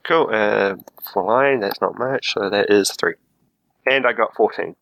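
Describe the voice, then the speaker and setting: Brief: man, tabletop game player, lowish voice with bright tone, dry close sound, relaxed. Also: a little slow, gravelly, dry recording, dull audio. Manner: relaxed, explains backstory at length. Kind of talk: casual tabletop game talk.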